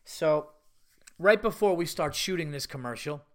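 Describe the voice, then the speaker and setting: Comedian guy on his podcast, kinda higher voice, swearing and laughing through a story. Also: normal speed. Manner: profane, animated storytelling with laughs. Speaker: podcast host and stand-up comedian. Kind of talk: casual solo podcast storytelling.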